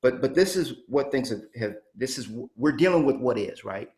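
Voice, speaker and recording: A man in his fifties giving an energetic real estate coaching talk, punching points and checking in with "okay?". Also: medium pitch, normal speed. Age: 50s. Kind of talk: motivational training talk.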